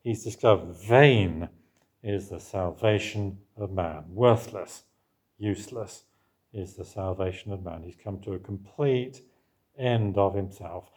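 Male preacher, lowish pitch, relaxed question-and-answer sermon style. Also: a little slow, breathy edge. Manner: conversational, asks the congregation questions and answers them.

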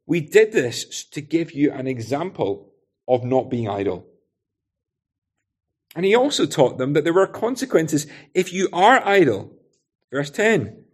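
A man's voice: on the high side, very animated, a little slow, long pauses, breathy edge. A man preaching an expository sermon in a conversational way, often adding rhetorical tag questions.

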